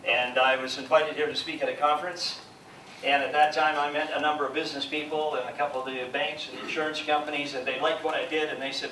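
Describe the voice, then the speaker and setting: An older man with a Canadian accent holds the stage at a business seminar, cracking jokes and spinning stories for the crowd. His voice sits a little high for a man. He is caught from a distance in a roomy, echoing hall with noise underneath. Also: flat delivery, quick pace. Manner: jokey storyteller playing to the crowd. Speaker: seminar speaker. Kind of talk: humorous motivational talk. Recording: echoey hall from far off with noise.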